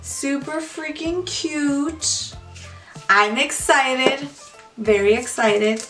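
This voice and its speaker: A young woman talks to her viewers in a gushing, excitable way, slow and a little high. She is some distance from the mic in an echoey room, with music playing behind her. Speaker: beauty vlogger. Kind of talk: casual unboxing chat.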